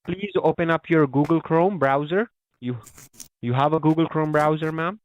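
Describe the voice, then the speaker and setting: A man's voice: fairly high pitch, normal speed, no room sound. A man acting as a phone support agent, overly polite and apologetic, calling the listener ma'am again and again. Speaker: scam caller posing as tech support. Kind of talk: scripted support phone call. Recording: muffled phone line.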